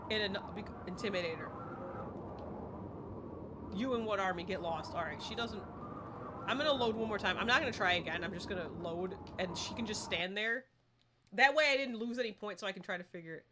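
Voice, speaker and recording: A young woman live-streaming a game, chatting casually and excitably and breaking into squeals. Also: mid-range voice, a little fast.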